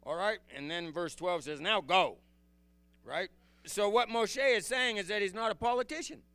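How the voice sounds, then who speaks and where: A man teaching as a pastor in an animated sermon, swinging from loud exclamations to hushed low tones and asking his listeners rhetorical questions. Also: normal speed, clear, resonant tone, dry recording. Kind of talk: expository sermon.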